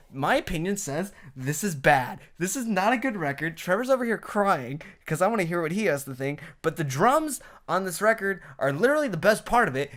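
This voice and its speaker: A man co-hosting a casual podcast, reviewing an album in a blunt, profane way that grows loud and heated. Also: high voice.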